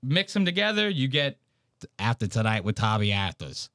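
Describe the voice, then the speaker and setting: Male podcast co-host, lively sing-song delivery, mocking and profane, dry close mic. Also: mid-range voice, moderate pace, no echo. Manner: animated, swearing, mocking. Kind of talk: casual podcast banter.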